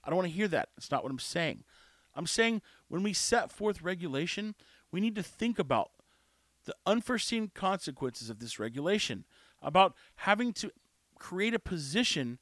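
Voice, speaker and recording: Animated man ranting. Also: high-pitched, no room sound, studio quality. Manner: animated, ranting, self-interrupting. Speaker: podcast host. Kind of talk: opinionated monologue.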